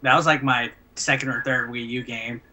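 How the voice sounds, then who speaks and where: Bright-voiced hesitant male co-host. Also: mid-range voice, fairly even intonation, normal speed, low-quality recording. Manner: hesitant, lots of fillers and restarts. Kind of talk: casual gaming news chat.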